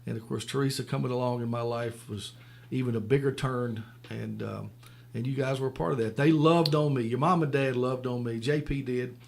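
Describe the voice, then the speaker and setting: A man hosts a relaxed radio chat, nodding along and then reminiscing. His mid-pitched voice carries a gravelly creak. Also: a little fast, a little hiss or hum. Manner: warm affirming listener, reminiscent. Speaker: radio show host.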